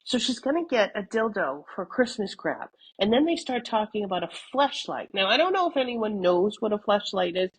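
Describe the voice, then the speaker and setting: Very animated and brisk, with few pauses, this middle-aged podcast co-host speaks in a mid-range voice, chatty and storytelling, laughing a lot and cursing casually. The rough recording has slight background noise.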